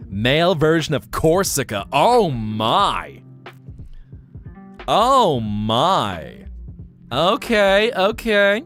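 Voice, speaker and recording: Animated high-voiced male streamer. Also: very slow, long pauses, soft background music. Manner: rambling, musing, animated. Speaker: livestream host. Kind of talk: casual livestream chat.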